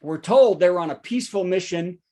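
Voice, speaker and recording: A man, a comedian hosting a virtual show with a topical news monologue and quick asides to the audience. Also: high-pitched, dark tone. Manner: joking asides, checks in with the audience. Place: home setup for a virtual show.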